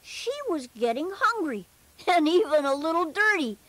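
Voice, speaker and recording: A high-voiced bear storyteller. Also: male voice, sing-song, moderate pace, no room sound, heavily acted. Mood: earnest. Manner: gentle, earnest. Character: cheerful young male bear storyteller. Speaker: narrator. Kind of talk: children's storybook narration.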